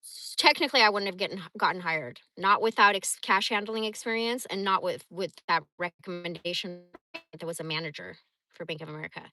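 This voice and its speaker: A woman in her forties telling stories from her life on a livestream, blunt, animated and full of swearing. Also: on the low side, a little fast, dry recording. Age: 40s. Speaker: livestream host. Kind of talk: casual storytelling.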